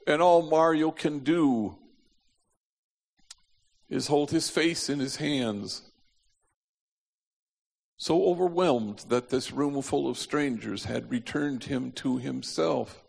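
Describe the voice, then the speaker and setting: Male preacher, gravelly voice, hall reverb, storytelling sermon that drops to a slow hush on the key lines. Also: a little high. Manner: slows to a near hush on key phrases, acts out quoted voices.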